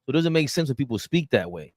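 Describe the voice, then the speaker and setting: Animated man ranting on a live stream. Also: medium pitch, fast, no room sound, studio quality. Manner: animated, ranting, bantering with the chat. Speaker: show host reading live chat comments. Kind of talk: casual live-stream sports talk.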